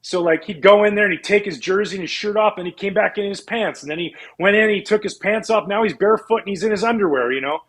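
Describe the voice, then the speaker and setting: Man, husky voice, animated rambling storyteller, interview guest, from Canada. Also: high-pitched, fast talker, few pauses, low-quality recording. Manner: animated, rambling with restarts and laughs. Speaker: former pro pitcher, guest.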